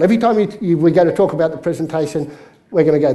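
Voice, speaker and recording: A man's voice: on the high side, very fast, dark tone. A man presenting a live workshop as a business coach, chatty and story-led. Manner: chatty, story-telling, with jokes.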